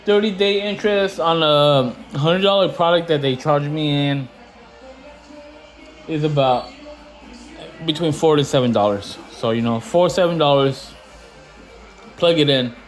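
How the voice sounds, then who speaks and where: A man ranting casually to camera in slangy, profane talk, getting louder when he is indignant. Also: on the high side, unhurried, long pauses, soft background music, poor audio. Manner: slangy, animated, swears freely; rising loud when indignant. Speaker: investing vlogger.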